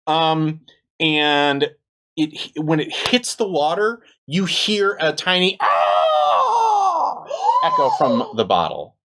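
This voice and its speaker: A game master narrating a tabletop game, animated and acting out sound effects. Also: medium pitch, slow.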